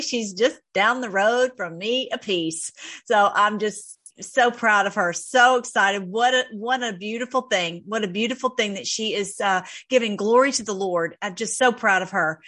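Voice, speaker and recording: A woman's voice: mid-range voice, a bit bright. A middle-aged woman hosting her own video channel, talking effusively in casual faith-based commentary and often repeating and restarting her phrases. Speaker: host of an online video channel.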